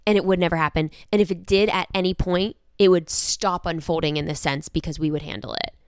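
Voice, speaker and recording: A young woman co-hosts a podcast in a casual, emphatic way. Her voice is smooth and clear, and she sits close to a dry mic. She often slips into little acted-out reactions. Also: lowish voice, steady tone, brisk, no room sound. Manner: emphatic, acts out quoted reactions. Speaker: podcast co-host. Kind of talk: casual chat.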